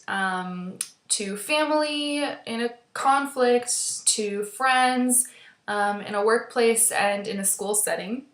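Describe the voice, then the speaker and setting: A woman's voice: mid-range voice, echoey room. A woman teacher giving a recorded online class lecture from her chair, talking steadily to her webcam with frequent ums. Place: indoor room, seated in a chair. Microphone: webcam at desk.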